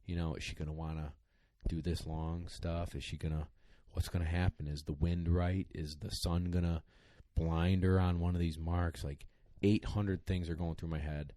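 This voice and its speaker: Very low-voiced man telling an emotional story. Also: little pitch movement, moderate pace, hardly any pauses, mellow, dry recording. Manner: emotional, rambling, choked up at times. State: tearing up. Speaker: podcast co-host, dog trainer. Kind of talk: casual storytelling chat.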